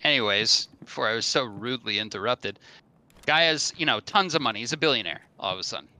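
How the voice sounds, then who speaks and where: A man's voice: medium pitch, animated, fast talker, pushed and bright. A man streaming a game, telling a long joke in a rambling way with lots of fillers. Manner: rambling storyteller with many fillers.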